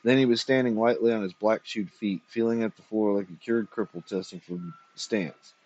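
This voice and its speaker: A man reads a story aloud in a low, husky voice, steady and measured. The delivery is dramatic without hurrying. The recording is dull and lo-fi. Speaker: reader.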